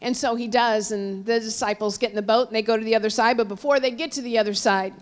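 Speaking fast with fairly even intonation, a woman preaches a storytelling sermon full of dramatic hushes. Her voice leaps from loud cries to near-whispers, rising to quote figures and softening low whenever she turns to God.

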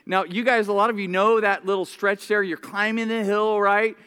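Male pastor, high bright voice, animated storytelling sermon, stumbles over his openings. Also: normal speed, smooth. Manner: repeats words when starting sentences.

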